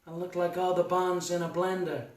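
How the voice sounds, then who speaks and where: A man's voice: sits high, level tone, normal speed, close to an everyday voice. A man putting on a smug, suave male British spy with dry, self-mocking asides. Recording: echoey room, distant mic.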